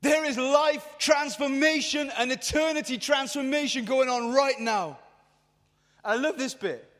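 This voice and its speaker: Brief: man in his thirties, youth preacher, strikingly high voice, passionate and chatty, long hall reverb. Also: a little slow, fairly bright tone. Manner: passionate and colloquial, addressing the crowd. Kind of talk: lively youth sermon. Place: large hall at a youth event.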